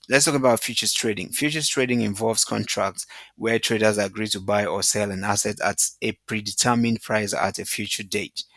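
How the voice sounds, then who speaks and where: A young man teaches crypto trading to beginners over slides. His voice sits low, and he checks in often with quick "right?" questions. The sound is close and dry, with no room around it. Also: fairly bright tone, no echo. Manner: explains with repeated "right?" checks and everyday examples. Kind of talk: casual tutorial talk over slides.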